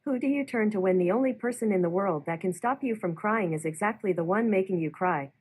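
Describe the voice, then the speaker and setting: A woman's voice: mid-range voice, brisk, slightly rough, close to an everyday voice, rough recording. A woman voicing a mopey, emo smart speaker. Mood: gloomy. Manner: flat, sad, reciting bleak lines.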